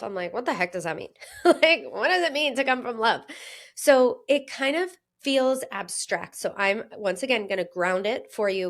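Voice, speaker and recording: A woman in her thirties, a health coach, talking alone in an earnest, chatty way, laughing often and acting out inner voices. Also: medium pitch. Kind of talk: solo podcast monologue.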